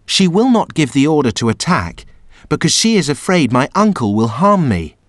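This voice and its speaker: A man's voice: on the high side, very animated, moderate pace, dry recording, clean studio sound. A man reading as a sad captive boy king. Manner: sad, earnest storytelling tone. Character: sad young boy king held prisoner.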